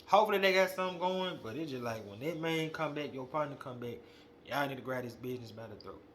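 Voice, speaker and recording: Young male host, casual slangy rant, lively delivery, bright tone, faintly noisy recording. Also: mid-range voice, quick pace. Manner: animated, slangy, calls out directly. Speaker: wrestling podcast host. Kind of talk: casual opinion monologue.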